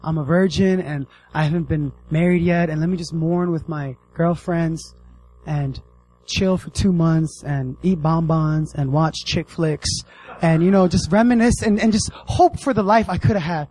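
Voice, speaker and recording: A man putting on a young daughter who accepts her fate calmly and talks in an offhand, breezy way. The voice is husky and a bit high, close to his own. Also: moderate pace, natural voice, poor audio.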